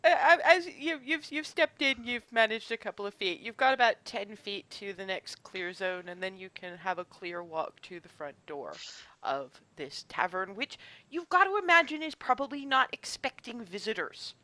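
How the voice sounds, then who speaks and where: A woman running a tabletop game as game master over a video call, animated, laughing often and tripping over her words. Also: mid-range voice, moderate pace, dry recording.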